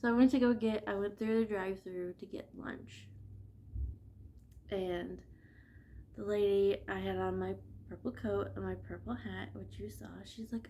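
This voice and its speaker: A woman's voice: medium pitch, fairly even intonation, normal speed, warm tone. A woman vlogging casually about her knitting, chatty and laughing often, with a stuffy nose from allergies. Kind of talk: casual chat.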